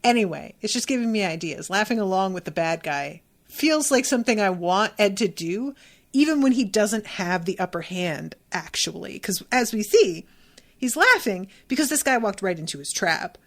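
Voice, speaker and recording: A woman talks through an episode in a loose, chatty podcast recap. She is animated, swears playfully and acts out bits of the scenes as she goes. Her voice sits in a middle pitch. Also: normal speed. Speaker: podcast host.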